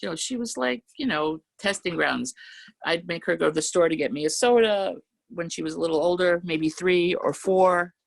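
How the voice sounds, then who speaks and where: A woman with a gravelly edge to her voice reads her own poems on a video call. She takes the verse slowly and with care. Between poems she slips into loose, chatty storytelling. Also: on the low side. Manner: slow, measured reading of verse, then chatty storytelling. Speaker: poet reading her work. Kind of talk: poetry reading with anecdotes.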